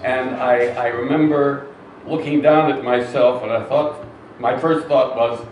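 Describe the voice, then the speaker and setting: Older actor telling stories in a roomy hall. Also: male voice, mid-range voice, fairly even intonation, darkish tone. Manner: chatty, self-deprecating, halting with fillers. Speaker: actor, guest of an interview. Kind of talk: telling anecdotes on stage to a live audience. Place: cinema hall with live audience. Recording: roomy hall, distant mic, faint noise.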